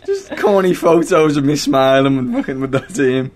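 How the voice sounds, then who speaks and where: A man's voice: a little high, big pitch swings, normal speed, darkish tone, a little hiss or hum. A man co-hosting a comedy podcast, swearing and grumbling about work in casual banter. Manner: sweary, grumbling, laughs often.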